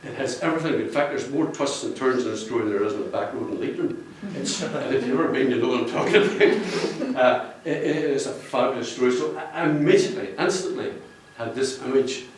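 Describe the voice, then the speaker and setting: In an echoey function room, a man with a mid-range voice gives a public speech to an audience, talking a little fast with hardly any pauses. He's the cover artist at a book launch, jokey and rambling, laughing at his own jokes. The mic is distant and a faint hiss or hum is present.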